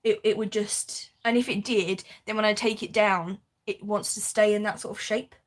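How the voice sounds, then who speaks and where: A woman's voice: medium pitch, fairly even intonation, moderate pace. A woman chatting casually as she crafts on a live stream, laughing often and answering viewer comments. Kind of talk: casual chat while crafting.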